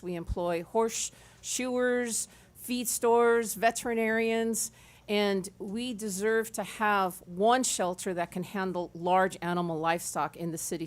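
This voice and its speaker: A woman speaks at a city budget hearing with an urgent, pleading tone. Her voice sits at an ordinary middle pitch. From Los Angeles area. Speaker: public commenter. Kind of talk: public comment at a hearing.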